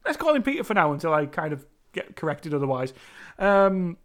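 A man's voice: on the high side, sing-song, fairly quick, fairly bright tone. A British man from the UK giving a loose, rambling film review, full of restarts and casual swearing. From United Kingdom.

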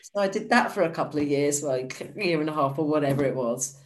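A woman, a podcast guest, telling her life story in a lively, chatty way. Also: quick pace, low-quality recording. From United Kingdom. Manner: lively storyteller, acts out quotes with high bright exclamations. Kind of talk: casual storytelling interview.

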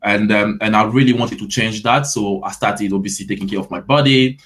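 A man's voice: lowish voice, fairly even intonation, brisk, fairly bright tone. A man in his thirties from Ivory Coast with a French accent, a fitness coach answering interview questions in a friendly way with frequent restarts. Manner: friendly, repeats words while starting sentences.

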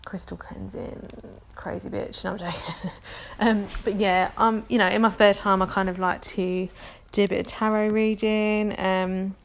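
A woman's voice: mid-range voice, flat delivery, normal speed, few pauses. Chatty woman with a London accent. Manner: chatty, rambling, self-deprecating, many ums. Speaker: podcast host. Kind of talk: casual solo podcast chat.

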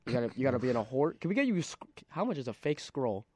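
Jokey male co-host, lively pitch. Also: racing. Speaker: podcast co-host. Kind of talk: casual chat.

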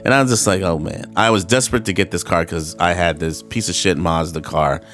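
A podcast host with a low-pitched, steady voice talks a little fast on his solo show, rambling from tangent to tangent. He swears freely, laughs often and acts out voices when quoting dialogue, while soft guitar music plays faintly behind him.

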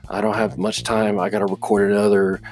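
A hurried restaurant owner with a deep, low voice rattles off apologies about having no time, as a man puts him on while retelling a drama. He speaks quickly and a bit flustered, with hesitations. The voice stays close to an everyday speaking voice. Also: completely flat delivery, darkish tone, soft background music, natural voice. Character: harried male restaurant owner in a rush.

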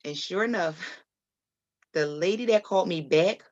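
Low-voiced woman telling a personal story. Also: measured pace, a little mellow. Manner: rambling, earnest, many ums and restarts. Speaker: podcast guest. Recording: dull lo-fi audio.

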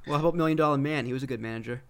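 A man's voice: mid-range voice, racing, creaky. A man co-hosting a casual podcast chat, eagerly arguing his opinions and teasing his co-host.

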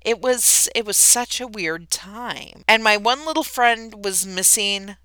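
A woman's voice: mid-range voice, a little slow, sharp tone, no room sound. A woman co-hosting a podcast, chatting casually and telling a story with frequent laughter. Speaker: podcast co-host. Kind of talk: casual chat.

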